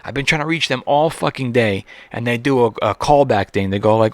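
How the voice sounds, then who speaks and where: A man hosts his own comedy podcast alone, venting about companies with a steady stream of curse words and stumbling restarts. His voice sits at an ordinary middle pitch. The sound is dry and close, with no room echo. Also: brisk, few pauses. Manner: profane, exasperated ranting with frequent restarts. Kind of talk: solo podcast rant.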